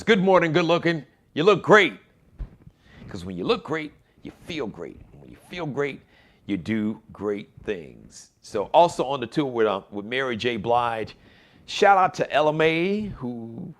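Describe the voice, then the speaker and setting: A man's voice: mid-range voice, a little slow. A man hosting his own live online talk show, chatting casually and joking with viewers. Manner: animated, joking, addressing viewers directly. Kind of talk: casual live-stream chat.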